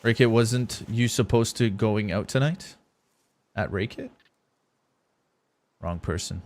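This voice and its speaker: A young man is live-streaming a survival game, rambling casually and talking to chat as he plays. His voice sits fairly low in pitch and he speaks slowly.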